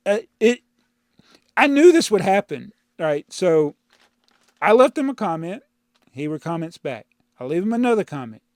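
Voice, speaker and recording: A man with a somewhat high voice chats casually as a channel host, rambling and laughing as he works through viewer comments. He gets exasperated easily. He is close on a clip-on mic, and the sound is dry with no room echo. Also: a little mellow. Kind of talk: casual chat. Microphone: clip-on mic inside a brick-built housing.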